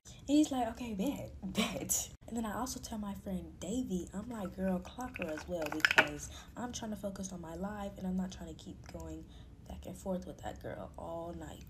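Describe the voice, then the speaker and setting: A woman telling a dramatic group chat story late at night, talking low and lively, with whispered asides. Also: moderate pace, background noise. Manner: animated gossip, drops to whispers for quoted lines. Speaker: storytime creator. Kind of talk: casual storytime.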